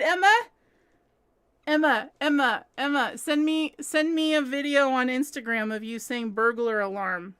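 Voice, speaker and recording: Young woman streamer at home, high bright voice, chatty, keeps giggling while reading comments. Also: clear, resonant tone. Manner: chatty and giggly, laughs often. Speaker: crochet livestream host. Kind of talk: casual livestream chat reading comments.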